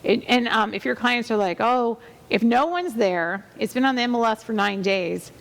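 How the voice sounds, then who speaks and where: Chatty woman with a gravelly edge. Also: fairly high pitch, lively intonation, moderate pace. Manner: chatty and rambling, with many fillers and restarts. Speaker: realtor hosting a real estate show. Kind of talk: casual conversational storytelling.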